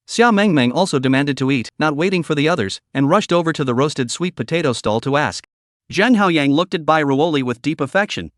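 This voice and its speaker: Lively dry-voiced male recap narrator. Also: a little high, moderate pace, dry recording.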